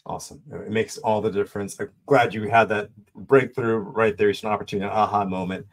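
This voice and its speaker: This podcast host talks fast in a lowish voice with little pitch movement. He eagerly encourages the guest he's interviewing while posing lengthy, wandering questions.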